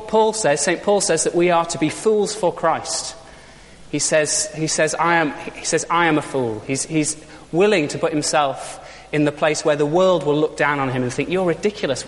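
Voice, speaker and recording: A man preaching an Easter sermon in a chatty, informal way, full of rhetorical questions. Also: on the high side. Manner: informal, conversational, uses props and rhetorical questions. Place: church. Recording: long church reverb.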